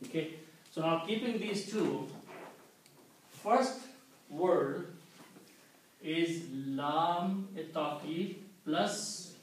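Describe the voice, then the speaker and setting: A man teaching a classroom Quran lesson, explaining slowly and checking in with "okay" as he repeats each point. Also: a little high. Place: community center classroom. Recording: very echoey room, distant mic, faint noise.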